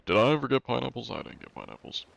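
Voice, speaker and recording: A man's voice: animated, very fast, gravelly, fairly bright tone, no room sound, highs cut off. A man streaming a game live, answering his chat in a wry, joking, rambling way. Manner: says he is often compared to a deep-voiced narrator.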